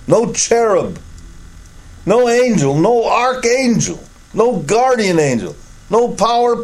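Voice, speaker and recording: Middle-aged guy preaching, slow and deliberate, a bit high voiced, punches key words up high. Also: darkish tone. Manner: emphatic, rising to high ringing stresses on key words. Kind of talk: sermon.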